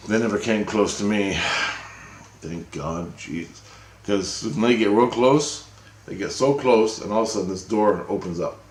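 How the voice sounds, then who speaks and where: A man's voice: on the low side, moderate pace. A man telling a long, rambling story in casual, profane speech, often checking in with "right?". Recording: roomy echo.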